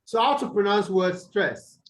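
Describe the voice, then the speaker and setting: Slow-talking Nigerian man teaching online. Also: high-pitched, lively intonation, poor audio. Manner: slow, repetitive, quizzing students with "what?" prompts. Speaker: English teacher. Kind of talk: online tutorial lecture. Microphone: video call.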